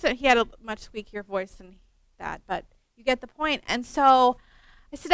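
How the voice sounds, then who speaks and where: A middle-aged woman from West Virginia, a teacher trainer telling a story at a workshop, animated with self-mocking humor. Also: high-pitched, moderate pace, smooth, no echo.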